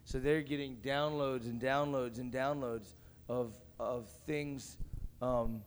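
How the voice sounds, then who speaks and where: A man's voice: mid-range voice, steady tone, takes it slowly. A young man moderating a youth panel, upbeat and joking as he asks the crowd for questions. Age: young adult. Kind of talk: casual panel talk with an audience. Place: camp meeting hall. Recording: echoey hall with faint background noise.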